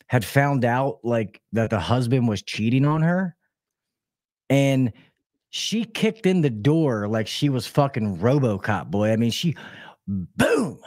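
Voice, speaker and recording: A man's voice: mid-range voice, dry recording, clean studio sound. A man who works as an HVAC technician, a podcast guest telling work stories with lots of swearing and restarts. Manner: profane, rambling storyteller with many restarts. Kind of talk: casual podcast chat.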